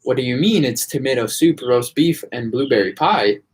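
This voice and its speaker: A man reading the lines of a brash, loud gum-chewing girl in a husky voice. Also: mid-range voice, lively intonation, normal speed. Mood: pushy. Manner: loud, pushy.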